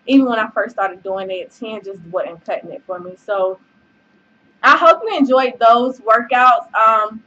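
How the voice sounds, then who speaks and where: A woman's voice: a little high, a little slow, pushed and bright. A woman giving a casual, encouraging fitness vlog to camera, chatty and full of fillers, sometimes out of breath. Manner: chatty and encouraging, many fillers, says y'all and child. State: out of breath at times. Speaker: fitness vlogger. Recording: dull, faint noise, mic away from speaker.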